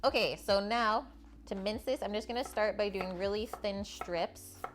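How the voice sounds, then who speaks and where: A woman's voice: medium pitch, normal speed. A woman hosting a live cooking stream from her home kitchen, chatting with viewers and reading their comments aloud between steps. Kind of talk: live cooking demonstration with chat replies.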